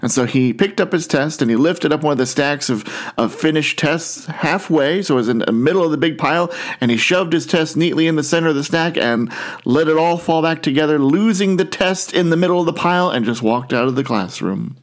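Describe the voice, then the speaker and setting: A man's voice: fairly high pitch, brisk. A man preaching a sermon as pastor, opening with a conversational story and acting out quoted voices.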